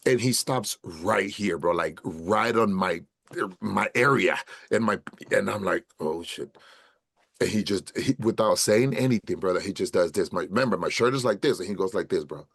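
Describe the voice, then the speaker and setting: Animated male storyteller with street slang. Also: on the low side, fairly quick, gravelly, slightly rough, no echo, clean studio sound. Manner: animated storyteller, acts out quotes, says "bro" and "brother" often. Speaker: podcast guest, actor. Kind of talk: casual storytelling in an interview.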